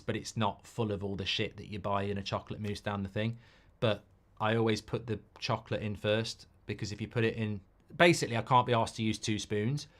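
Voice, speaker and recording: A middle-aged man hosting a live football watchalong, chatting casually and ranting with plenty of swearing. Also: on the low side. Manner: ranting, sweary, quick to flare up at players. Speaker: host.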